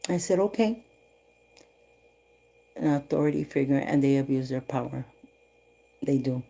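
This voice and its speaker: A woman hosting a casual livestream, telling a personal story with animated retelling of dialogue and a few Spanish phrases. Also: rumbling low, brisk, creaky. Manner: animated retelling, voicing both sides of dialogue. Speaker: livestream host.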